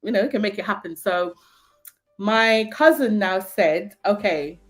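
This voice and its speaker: Lively Jamaican woman telling stories. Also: medium pitch, unhurried, soft background music. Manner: animated, laughs often, frequent fillers. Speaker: guest. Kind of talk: casual storytelling chat.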